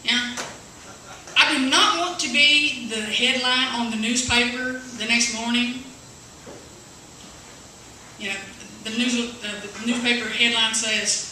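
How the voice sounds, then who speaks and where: A woman from West Virginia with an Appalachian accent, doing stand-up at an open mic in a coffee house, halting and nervous with many fillers. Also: on the high side, fairly even intonation, far from the mic, background noise. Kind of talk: stand-up comedy. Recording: echoey room, taped from afar.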